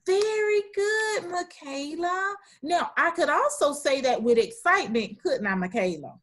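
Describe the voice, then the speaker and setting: A woman's voice: high voice, animated, fairly bright tone. A woman teacher running an online class over a video call, encouraging students and praising their answers often. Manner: reads sentences aloud slowly.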